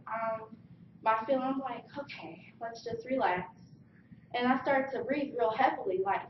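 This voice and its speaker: A young woman giving a lively personal story speech, acting out the voices of the people in it. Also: a little high, background noise. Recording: distant mic in an echoey room, dull sound.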